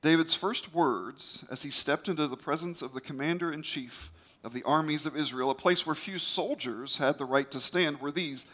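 A man's voice: a little high, normal speed, sharp tone. A man retelling a scripture story as a preacher, emphatic, with occasional stumbles.

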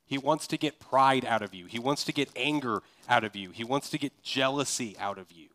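A man's voice: medium pitch, fairly quick, fairly bright tone. A man from Kansas preaching a sermon in a loose, conversational way, full of rhetorical questions. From Kansas, USA. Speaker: pastor.

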